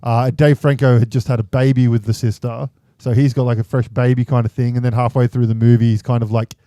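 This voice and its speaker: Man, podcast host, rambling chat, warm dark tone, dry close sound. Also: medium pitch, little pitch movement, quick pace, no room sound. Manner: rambling retelling, full of fillers. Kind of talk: casual chat.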